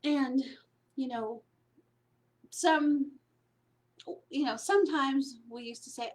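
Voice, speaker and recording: High-voiced woman giving meandering spiritual coaching. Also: takes it slowly, long pauses. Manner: meandering, repeats phrases, often asks "right?". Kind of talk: casual motivational talk.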